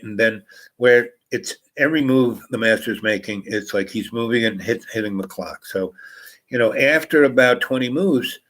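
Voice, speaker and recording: A man's voice: medium pitch, a bit bright, rough recording. A man casually telling a long personal anecdote, rambling with many fillers and restarts. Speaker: host.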